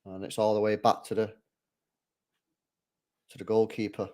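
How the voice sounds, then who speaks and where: A man's voice: fairly low pitch, little pitch movement, moderate pace, dark tone. A young man hosting a live football watchalong, chatting casually with viewers in slang and rambling with restarts. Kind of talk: casual live match commentary.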